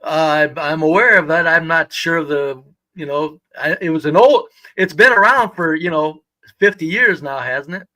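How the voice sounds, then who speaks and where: On a casual livestream, a regular guest rambles and swears freely, restarting many times. His fairly high voice sounds bright and forceful at a moderate pace, though the audio is poor.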